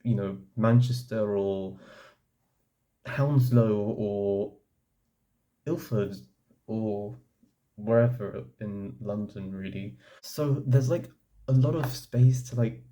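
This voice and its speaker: A man's voice: fairly low pitch, slow, long pauses, dark tone. A young man talking casually to camera, giving his opinion in a rambling way with lots of "like" and restarts. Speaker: vlogger.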